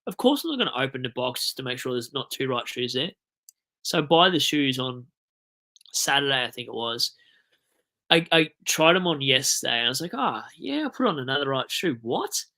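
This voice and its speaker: A young Australian man with a blocked nose, chatting casually and rambling on a livestream, swearing and breaking into animated outbursts. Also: mid-range voice, fairly quick. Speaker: livestream host.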